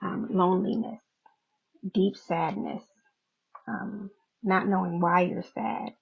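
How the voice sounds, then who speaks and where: A woman's voice: mid-range voice, steady tone, slow, gravelly, husky. A middle-aged woman hosting a podcast, talking candidly about her own feelings, often laughing and swearing casually. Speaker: podcast host. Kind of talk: candid personal talk. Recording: dull lo-fi recording.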